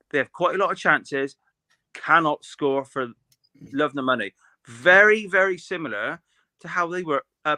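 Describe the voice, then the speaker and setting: A man's voice: on the high side, sharp tone, dry recording. A man, co-hosting a casual football chat, opinionated and rambling with many restarts. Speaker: podcast co-host.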